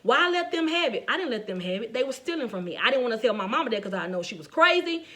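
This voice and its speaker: This middle-aged woman talks quickly in a slightly high voice during a faith-centered address. Telling personal stories, she stays conversational and animated, often breaking into laughter and speaking directly to those listening.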